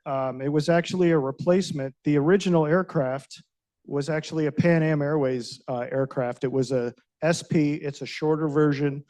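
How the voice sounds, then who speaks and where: Middle-aged male speaker, chatty storyteller, slightly high voice with a mellow tone, presentation in a meeting room. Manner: chatty, storytelling, frequent fillers. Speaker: guest speaker, airline pilot. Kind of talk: casual presentation talk.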